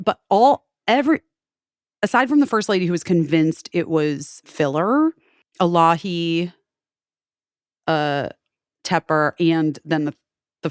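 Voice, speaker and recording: A woman's voice: on the low side, dry recording, studio quality. A woman in her forties co-hosting a podcast, chatting casually and animatedly with frequent swearing and quoted voices. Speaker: podcast co-host. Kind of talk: casual chat.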